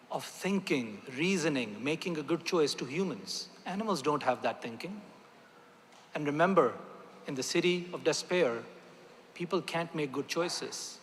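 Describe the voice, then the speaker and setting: A man's voice: fairly high pitch, fairly bright tone. A man, a doctor, giving an earnest, emphatic speech at a religious convention, speaking directly to the audience. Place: large convention hall. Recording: long hall reverb.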